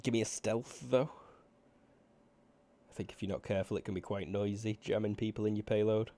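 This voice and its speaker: A man running a tabletop role-playing game as game master, relaxed and often stumbling over his words. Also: lowish voice, fairly quick.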